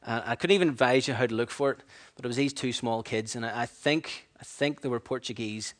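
A man preaching a sermon, animated and storytelling, acting out voices and laughing at his own stories. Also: mid-range voice, brisk.

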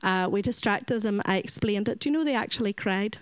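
A woman's voice: mid-range voice, fairly quick, clear, resonant tone, dry recording, rough recording. A Northern Irish woman who runs a children's home, giving an earnest faith testimony and acting out the voices of the people in her story. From Northern Ireland. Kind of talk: personal faith testimony talk.

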